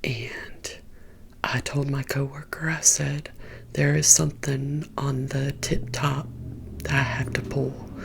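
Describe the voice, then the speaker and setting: A woman with a Southern US accent, rambling and confiding in a soft whisper as she tells an ASMR story to her viewers, close to the microphone. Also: very deep voice, little pitch movement, takes it slowly, vocal fry, slight background noise. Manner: confiding, rambling, talks to viewers as "you guys". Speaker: ASMR creator.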